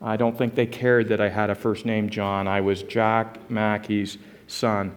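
A pastor preaching a sermon, telling a personal story in an earnest way and building to emphatic exhortation. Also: male voice, on the low side, unhurried. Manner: animated, rising to emphatic exhortation.

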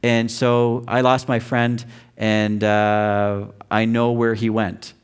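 A middle-aged man preaching a sermon, telling a personal story with acted-out quotes and emphatic shifts in pitch and volume. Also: level tone, slow pace, clear, resonant tone. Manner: storytelling, acts out quotes loudly. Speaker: pastor.

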